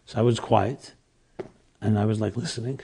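Gravelly older man telling a story. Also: on the low side, fairly even intonation, moderate pace, warm tone, slight background noise. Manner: earnest, reflective, restarts mid-sentence. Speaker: rabbi teaching classes. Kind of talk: storytelling lecture.

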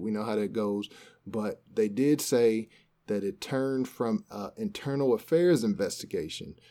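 A man's voice: on the low side, warm tone. A man co-hosting a podcast, casually retelling a news story and acting out the quotes. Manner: conversational storytelling, acts out quotes. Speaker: podcast co-host.

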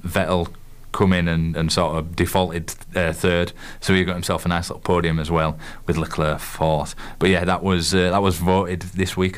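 Yorkshire man, young, co-host; deep smooth voice, rambles with fillers through sports talk. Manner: halting, lots of fillers and restarts. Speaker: co-host and quiz master. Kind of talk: casual sports chat.

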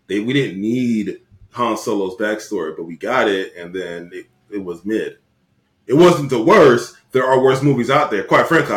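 A young man co-hosting a podcast, bantering casually and teasing his friend with playful indignation. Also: lowish voice. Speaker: podcast co-host. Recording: roomy echo.

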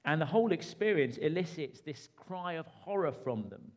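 A man preaching a sermon, with dramatic rises and hushed drops. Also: on the high side, lively intonation, normal speed.

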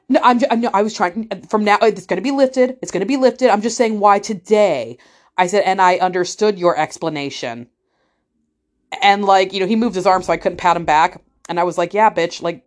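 A woman's voice: fairly low pitch, darkish tone. A woman telling a story in a casual vlog, blunt and profane, acting out the people she talks about. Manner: blunt, profane, acts out other people's voices.

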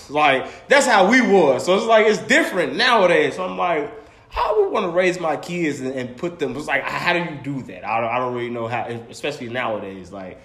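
A man with a high voice that swoops up and down as he tells a story in a casual chat. he swears a lot and laughs often. the sound is echoey, as if the room is bare. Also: normal speed. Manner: animated, profane, laughs often while telling stories.

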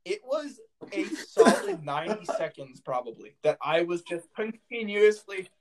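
Over a noisy crowd, a young man tells a lengthy story at an unhurried pace, giggling as he chats. His voice is a bit high for a man, and he trips over fillers and starts sentences again.

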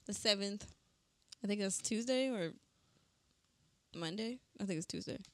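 A young woman co-hosting a podcast in casual chat, playful and quick to laugh. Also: mid-range voice, no room sound. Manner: playful, giggly. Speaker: podcast co-host.

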